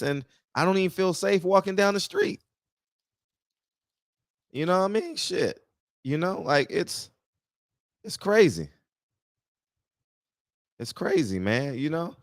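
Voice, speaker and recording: A man's voice: high voice, dry recording. Blunt, profane man with dry close sound. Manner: blunt, profane, mocking, laughs at his own jokes. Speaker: podcast host. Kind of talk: casual opinion talk.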